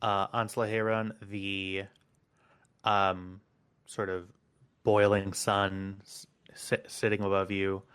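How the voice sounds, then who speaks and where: Slow, low-voiced man narrating a game. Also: level tone, a bit bright, smooth. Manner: unhurried, many ums, casual asides. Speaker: game master.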